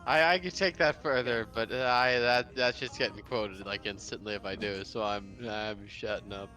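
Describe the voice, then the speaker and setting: A man's voice: on the low side, fairly even intonation, normal speed, bright, forceful tone, soft background music, rough recording. A man chatting on a game stream, blunt and sarcastic, swearing freely. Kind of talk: casual chat on a game stream.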